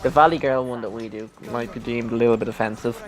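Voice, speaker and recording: An Irish man chatting loosely while he plays a video game, with a middling, ordinary pitch. He trips over his words, restarting lines again and again before he gets them out. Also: fairly even intonation. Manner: halting, stumbles and restarts a lot. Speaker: let's-play co-host. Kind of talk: casual gaming chat.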